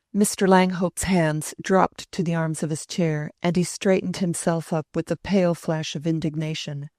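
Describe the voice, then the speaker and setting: A woman narrating a classic novel as an audiobook, in a measured, deliberate way. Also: sits low, fairly even intonation, a little mellow, no room sound, clean studio sound.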